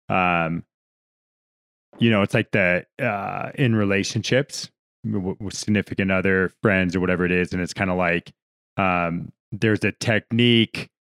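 A man co-hosting a casual faith discussion, speaking in a halting way with quick bursts of words. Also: fairly low pitch, fairly bright tone, smooth, no room sound, studio quality. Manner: halting, with fillers and restarts between quick bursts. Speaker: podcast co-host.

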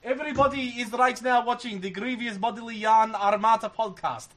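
High-voiced swearing host. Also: male voice, fairly even intonation, brisk, a bit bright. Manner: swearing, laughing, rambling. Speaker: podcast host. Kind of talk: casual live podcast banter. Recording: background noise.

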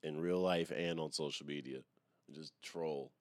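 A man's voice: rumbling low, steady tone, a little slow, dry recording. A young man hosting a casual solo podcast, rambling, swearing freely and mocking himself. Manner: rambling, profane and self-mocking. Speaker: podcast host.

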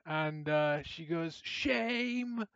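The voice is a man's, a little high and fairly quick, co-hosting a podcast in a casual chat. Recorded with a dry, dull lo-fi sound, he tells stories with animation and acts out the people he quotes.

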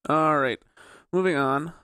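A man's voice: fairly high pitch, unhurried, dry recording, clean studio sound. A young adult man co-hosting a podcast, joking and laughing while retelling news stories. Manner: joking, laughs often, relaxed. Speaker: podcast co-host. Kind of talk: casual chat, reading news stories.

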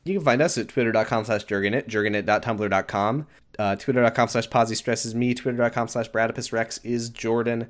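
A man's voice: mid-range voice, steady tone, a little fast. A man co-hosting a podcast, running through plugs and thanks in a casual, rambling chat. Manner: rambling, laughs between plugs. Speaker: podcast co-host.

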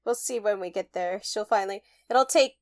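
A woman's voice: medium pitch, a little fast, a little mellow. A woman co-hosting a casual fan podcast, explaining points in a wry, easygoing way. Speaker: podcast co-host.

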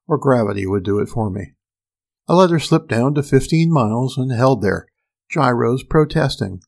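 A man's voice: mid-range voice, a little mellow. A man narrating a first-person science-fiction story in a tense, dramatic storytelling manner.

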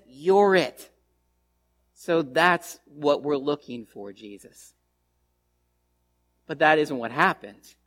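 Slow-speaking male pastor preaching. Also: a little high. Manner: slow, measured preaching with pauses and rhetorical questions. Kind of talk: sermon.

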